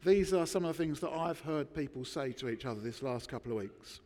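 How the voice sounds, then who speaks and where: A man preaching a sermon, emphatic, with dramatic pauses between words. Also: mid-range voice, animated, darkish tone, big-room sound. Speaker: pastor. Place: church.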